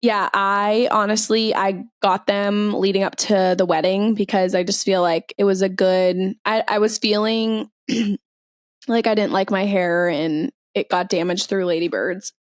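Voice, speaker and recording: A young adult woman co-hosting a casual podcast, talking in a relaxed, conversational way with lots of fillers. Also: medium pitch, a little slow, dry recording, studio quality. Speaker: podcast co-host. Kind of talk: casual chat.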